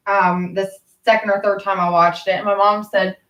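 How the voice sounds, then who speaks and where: A woman speaks in long, tangential stretches, cursing freely and cutting herself off mid-thought. Her voice sits at an ordinary pitch and carries from a distance in an echoing courtroom. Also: flat delivery, normal speed, bright, forceful tone, dull audio. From Appalachian Kentucky. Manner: tangential, profane, self-interrupting. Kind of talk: rambling storytelling. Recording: roomy, from far off.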